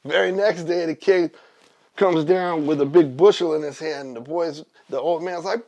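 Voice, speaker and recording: A man guesting on a comedy talk show, telling rambling jokes in a deadpan, drawling way. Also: on the high side, moderate pace. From Northern California.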